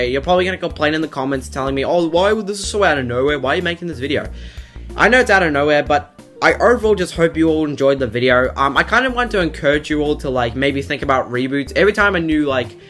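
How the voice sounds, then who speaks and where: A man's voice: medium pitch, fairly bright tone. A man talking casually to his viewers in a vlog, rambling with lots of filler words and mock-dramatic build-ups. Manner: rambling, heavy on "like" and "um". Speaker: YouTuber.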